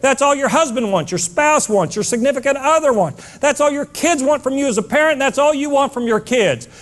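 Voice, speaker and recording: A man's voice: extremely high pitch, expressive, fairly quick. A man giving a blunt, fired-up motivational keynote to a live audience, scolding and hammering points with repetition.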